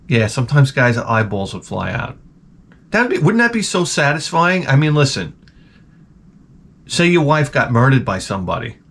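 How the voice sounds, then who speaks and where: A man's voice: mid-range voice, creaky. A middle-aged man, hosting a rambling, profane comedic monologue. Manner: rambling, profane, animated ranting. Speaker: host.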